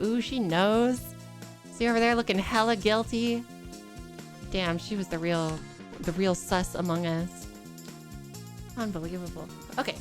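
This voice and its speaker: A woman livestreaming a video game from her computer at home, chatting casually, excitable and joking, with frequent swearing. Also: mid-range voice. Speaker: streamer. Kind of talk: casual gameplay livestream chat.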